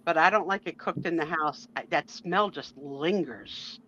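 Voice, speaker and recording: A woman's voice: low-pitched, measured pace. A woman chatting casually on a live stream, telling stories with firm opinions. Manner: animated storyteller, opinionated. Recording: dull lo-fi audio.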